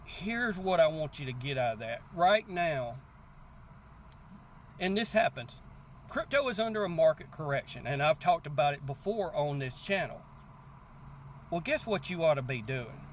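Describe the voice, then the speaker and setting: A man hosting a crypto channel, telling a story in casual, animated talk and often asking "guess what" before his point. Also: on the high side, normal speed, long pauses, slight background noise. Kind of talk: casual motivational talk to camera.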